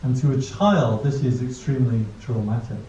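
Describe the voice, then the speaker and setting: A Buddhist monk teaching mindfulness gives a casual, humorous talk to a class, telling anecdotes and laughing at his own jokes. His mid-range voice is warm and moves at normal speed. The recording is dull, distant, and roomy, with slight background noise.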